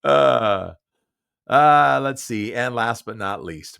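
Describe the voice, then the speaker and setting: A man in his sixties carries his own podcast alone, rambling casually and often chuckling or beginning again. His clean, mid-range voice is expressive, creaky and fairly bright, and he takes his time.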